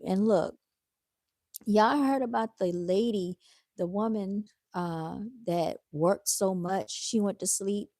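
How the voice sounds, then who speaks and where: A woman's voice: mid-range voice, warm tone, no echo, studio quality. Tired woman chatting on a livestream. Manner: chatty, reads viewer comments aloud; laid-back, addresses viewers as y'all. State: tired, yawning. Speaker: livestream host. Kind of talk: casual livestream chat.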